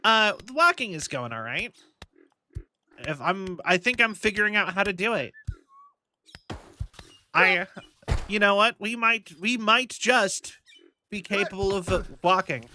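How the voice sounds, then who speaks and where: A man's voice: high-pitched, animated, unhurried, pauses often, pushed and bright, slight background noise. A young man streaming a game, chatting casually in rambling tangents and swearing at his mistakes from his home setup.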